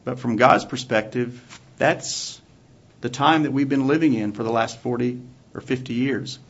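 A man preaching a sermon to his congregation in a church, asking measured rhetorical questions. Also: mid-range voice. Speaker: pastor. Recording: dull lo-fi recording.

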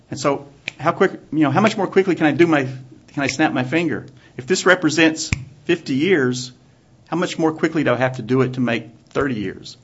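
A man preaching a sermon to his congregation in a church, asking measured rhetorical questions. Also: mid-range voice, fairly bright tone, a little hiss or hum. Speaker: pastor. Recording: dull lo-fi recording.

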